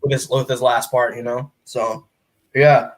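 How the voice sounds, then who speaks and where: A man's voice: mid-range voice, flat delivery. Rambling man recapping comics, full of fillers. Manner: rambling, lots of fillers and restarts; retells scenes with quick put-on quotes. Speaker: podcast co-host. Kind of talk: casual comic book review chat.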